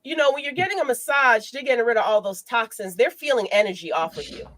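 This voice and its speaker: A woman life coach chats on a podcast, her voice sitting high. She tells stories expressively and motivationally, recorded dry with no room sound. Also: lively intonation, quick pace, a bit bright, dry recording. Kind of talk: casual podcast chat.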